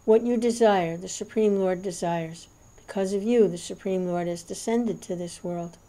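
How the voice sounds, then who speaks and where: A man's voice: high voice, normal speed, mellow, poor audio. A woman reading the lines of a humble male devotee sent as a messenger, earnest and weeping with joy.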